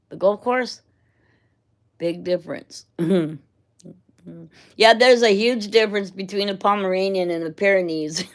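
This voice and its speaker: A middle-aged woman talking casually, wandering from story to story. Her voice sits at an ordinary middle pitch. She laughs often as she goes. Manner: rambling, chatty, laughs often. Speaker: vlogger. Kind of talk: casual chat.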